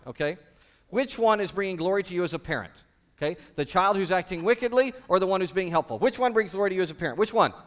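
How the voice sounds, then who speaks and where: A man preaching a sermon in a church, asking his congregation one question after another. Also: sits high. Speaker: pastor.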